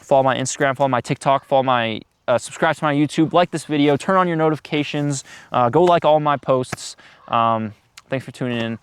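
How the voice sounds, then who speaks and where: A man's voice: mid-range voice, fairly quick, slight background noise. Eighteen-year-old guy, casual, lots of ums. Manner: loose, filler-heavy talk with many ums. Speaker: vlogger giving business tips. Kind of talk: casual advice vlog.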